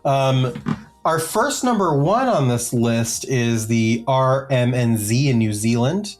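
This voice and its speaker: Over faint background music, a male podcast co-host with an expressive mid-range voice works slowly through a long list of chart positions. His delivery is easygoing and rambling, full of ums, with silly jokes tossed in between entries.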